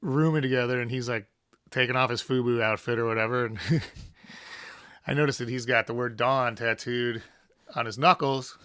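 A man's voice: medium pitch, steady tone, normal speed, pushed and bright, clean tone, no room sound, studio quality. A young adult man, a guest musician, telling a rambling story with lots of fillers and laughs. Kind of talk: casual anecdote telling.

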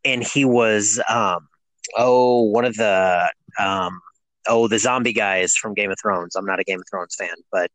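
A man's voice: fairly low pitch, fairly even intonation, unhurried, fairly bright tone, no echo. A man co-hosting a podcast, telling stories casually with plenty of fillers. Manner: conversational, storytelling, many fillers. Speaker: podcast co-host. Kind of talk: casual interview chat.

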